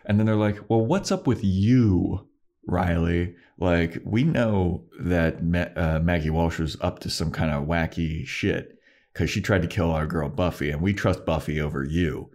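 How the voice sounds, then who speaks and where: A man's voice: sits low, normal speed. A man co-hosting a casual podcast, retelling scenes from a TV episode with lots of acted-out lines, swearing and laughter. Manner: animated retelling, acting out characters' lines, frequent swearing and laughter. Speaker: podcast co-host. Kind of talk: casual chat recapping a TV episode.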